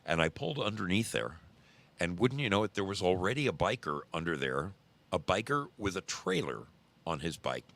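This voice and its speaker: A man's voice: sits low, big pitch swings, normal speed, creaky. A man in his sixties hosting a casual live stream, greeting viewers and telling rambling road stories. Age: 60s. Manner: rambling storyteller, greets chat viewers warmly by name. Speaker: livestream host.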